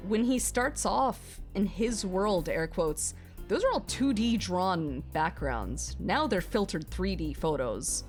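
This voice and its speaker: Young woman, game streamer, reads a visual novel aloud, excitable, curses a lot, swooping animated pitch. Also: slow pace, soft background music. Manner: excitable, swearing, gasping and laughing.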